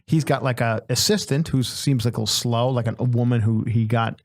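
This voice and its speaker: A man hosting a comedy podcast, telling a long story in an animated, self-mocking way that often repeats itself. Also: mid-range voice, fairly quick, no echo. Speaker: podcast host.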